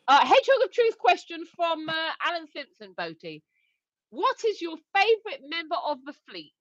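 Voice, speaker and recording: A woman's voice: high voice, no room sound. A woman co-hosting a casual livestream, laughing often and reading viewer comments aloud. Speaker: livestream co-host. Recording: dry, slightly dull lo-fi stream audio.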